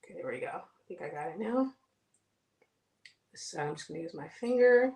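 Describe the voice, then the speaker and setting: A woman's voice: deep voice, animated, moderate pace, gravelly, a little mellow. Chatty woman livestreaming her makeup. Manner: chatty, addresses viewers as y'all and girl. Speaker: beauty livestream host. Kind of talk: casual chat while doing makeup. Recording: echoey room sound.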